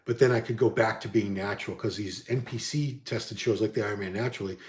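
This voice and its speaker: A man's voice: fairly low pitch, fairly even intonation, quick pace. Man, casual vlog chat, rambling, candid, echoey room. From Boston area. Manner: rambling, candid, self-deprecating. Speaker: bodybuilding vlogger. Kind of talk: casual chat reading viewer comments.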